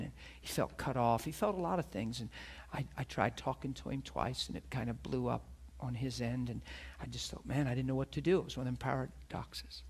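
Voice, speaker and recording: A man's voice: medium pitch, creaky, breathy edge. A middle-aged man preaching a sermon as a pastor, telling a personal story earnestly and acting out the voices of the people in it.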